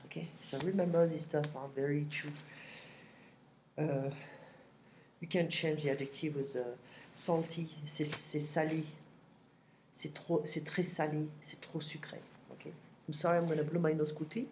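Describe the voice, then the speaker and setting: A woman gives a patient, repetitive online lesson in a low voice. She records at home on her computer microphone, and faint clicks and keyboard typing come through in the background. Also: little pitch movement, a little mellow, a little hiss or hum. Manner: patient, repeats phrases slowly, frequent "okay?". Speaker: French teacher. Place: home, next to her kitchen.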